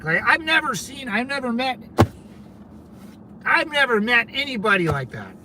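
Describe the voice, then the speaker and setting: A man's voice: extremely high pitch, expressive, moderate pace, noisy background. A man from California hosting a casual livestream, rambling conversationally and talking back to his viewers, with lots of "man" and "dude". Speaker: livestream host.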